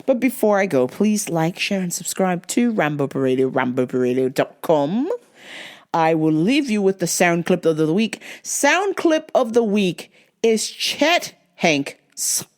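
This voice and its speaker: A woman's voice: fairly low pitch, big pitch swings, unhurried. A woman hosting a podcast, ranting bluntly and profanely with frequent laughs, her nose stuffed up and her voice fading. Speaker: podcast host. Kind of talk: casual profane podcast rant.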